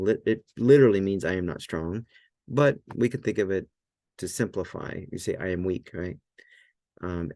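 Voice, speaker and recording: A man teaching a language lesson in a relaxed, loose way, often checking in with "right?" and filler words. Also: fairly low pitch, no echo, clean studio sound. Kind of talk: casual explanatory lesson.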